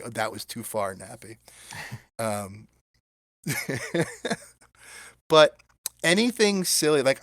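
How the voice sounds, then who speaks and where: Man telling lively stories in a dry close sound. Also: medium pitch, no room sound. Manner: animated, acts out quoted voices. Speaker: guest puppeteer. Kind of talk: casual interview storytelling.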